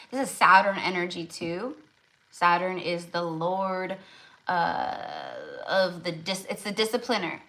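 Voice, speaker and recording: A woman's voice: fairly low pitch, bright, forceful tone, poor audio. A woman doing a casual tarot reading for her viewers, rambling with lots of "like" and restarts. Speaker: tarot reader.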